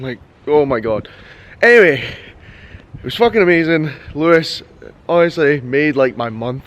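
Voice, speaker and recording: A young man, a fitness coach vlogging casually to camera, excitable and swearing freely as he rambles through his stories. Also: on the high side, moderate pace. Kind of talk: casual vlog talk to camera.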